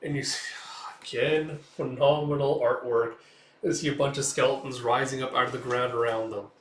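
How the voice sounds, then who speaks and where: A man hosts a casual comic read-through in a mid-pitched voice. He retells scenes loosely with many fillers. The room is echoey and the mic sits some way back. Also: steady tone, moderate pace, recorded from a distance. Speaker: comic reviewer.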